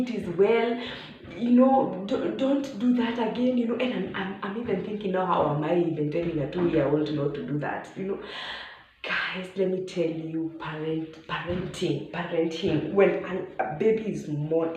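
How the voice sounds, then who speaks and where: A Kenyan woman in her thirties, a vlogger telling a personal story in an animated way, acting out shouts and dropping to hushed asides, with Swahili words mixed in. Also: lowish voice, normal speed, muffled recording. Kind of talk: storytelling vlog. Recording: very echoey room, faint background noise.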